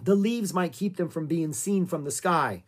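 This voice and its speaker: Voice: medium pitch, expressive, normal speed, husky, voice pushed up. A reader voicing a cautious, worried young boy in a children's audiobook, earnest and anxious. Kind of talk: audiobook character voice.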